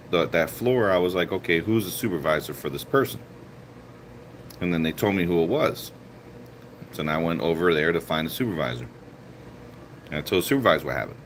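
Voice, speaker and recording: Low-voiced man telling a story. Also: slight background noise. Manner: animated, acts out quoted dialogue with rising pitch. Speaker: vlogger. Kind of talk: casual storytelling vlog.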